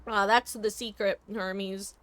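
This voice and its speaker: A woman streaming a game live, giving chatty, playful commentary with quick asides. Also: mid-range voice, fairly even intonation, a bit bright.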